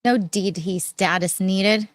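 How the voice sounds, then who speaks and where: Woman, podcast co-host; playful, needling, quick with a jab, plain dry sound. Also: medium pitch, fairly even intonation, dry recording. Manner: teasing, quick comebacks. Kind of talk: casual podcast banter.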